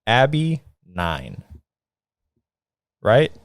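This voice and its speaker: A man co-hosting a casual podcast, animated and joking as he thinks aloud. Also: mid-range voice, extremely slow, dry recording, studio quality. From United States. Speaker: podcast co-host. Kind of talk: casual chat.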